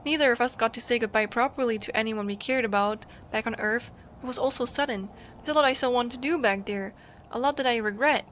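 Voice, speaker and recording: A woman's voice: on the high side, quick pace, fairly bright tone, a little hiss or hum, close to an everyday voice. A woman voicing a stubborn young woman engineer who speaks firmly and comfortingly. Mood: gentle. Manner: firm and comforting.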